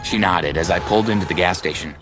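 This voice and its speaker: A man narrating a first-person story in a measured, dramatic way, with music playing behind. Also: sits low.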